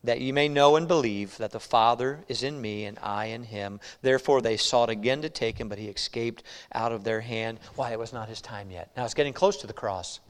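A male pastor preaching a sermon, reading scripture slowly and pressing his point with rhetorical questions. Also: mid-range voice. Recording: long reverb of a hall.

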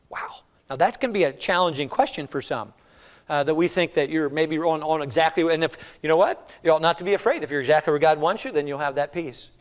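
A man preaching a sermon in a church, swinging between hushed, slow appeals and loud, pleading cries. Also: fairly high pitch. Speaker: pastor.

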